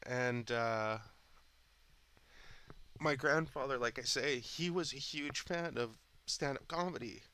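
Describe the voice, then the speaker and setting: A man hosting his own channel speaks slowly in a mid-range voice with a sharp tone and long pauses. His monologue is chatty, rambling, and candid, often stopping and restarting as he interrupts himself.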